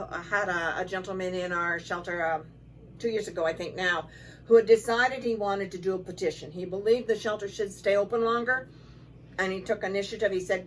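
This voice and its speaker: A woman, executive director of a shelter, telling stories in a relaxed conversational way, quoting people as she goes. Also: medium pitch. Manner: conversational, relaxed, with fillers and quoted dialogue. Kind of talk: casual storytelling to camera. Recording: distant mic with faint background noise.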